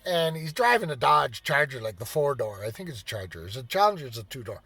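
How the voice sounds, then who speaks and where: A man's voice: mid-range voice, very animated, fast, bright, forceful tone, breathy edge. A man in his fifties telling a rambling, profane anecdote in a casual storytelling style. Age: 50s. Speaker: vlogger.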